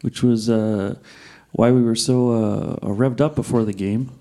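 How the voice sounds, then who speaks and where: A flat, halting hockey star, as a man puts him on. He mumbles low, stalling on fillers between every phrase. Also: close to an everyday voice. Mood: calm.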